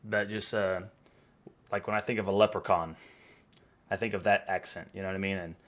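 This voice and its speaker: Texan guy host, low-pitched, rambling casual reactions, a bit tipsy. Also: steady tone, fairly quick. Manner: rambling, chatty, laughs easily.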